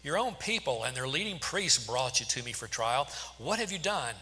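This is an insistent Roman governor, put on by a man reading scripture aloud. His questions climb high and press hard. The voice is bright and sharp, with a long reverb trailing behind it. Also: big pitch swings, moderate pace. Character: Roman governor Pilate, male, adult, exasperated and insistent.

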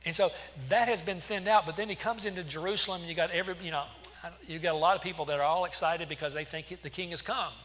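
A man's voice: high voice, fairly even intonation, fast talker, fairly bright tone. A man preaching a sermon as pastor, firing off rhetorical questions with emphasis. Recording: long hall reverb, faint hum.

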